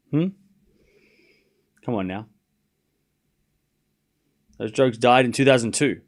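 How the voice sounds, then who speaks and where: Man, mid pitch, very lively delivery. Streamer calling tennis live and bantering with chat in fake outrage. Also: moderate pace, long pauses. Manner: playful mock outrage while reading viewer messages.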